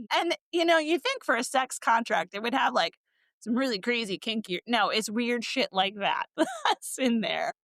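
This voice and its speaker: Animated sarcastic woman podcaster. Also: fairly high pitch, a little slow, dry recording. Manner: animated, sarcastic, swears freely, laughs often. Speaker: podcast co-host. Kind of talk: casual book-review chat.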